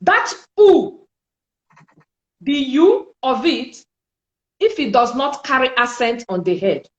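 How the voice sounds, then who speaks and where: Woman French teacher, fairly high voice, slow and deliberate delivery, echoey room. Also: very animated, highs cut off. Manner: slow, deliberate, repeats each sound for learners. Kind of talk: spoken language lesson.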